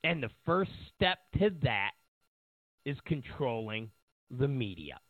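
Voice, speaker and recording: A man delivering an animated, sarcastic political monologue as a commentator. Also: mid-range voice, takes it slowly, no echo, phone-quality sound.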